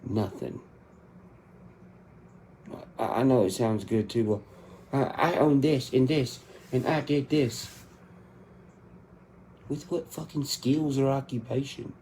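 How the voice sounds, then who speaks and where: A man's voice: medium pitch, takes it slowly, long pauses, dark tone, slight background noise. A man in his thirties delivering an angry, profane spoken rant inside a song. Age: 30s. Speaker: country rap artist.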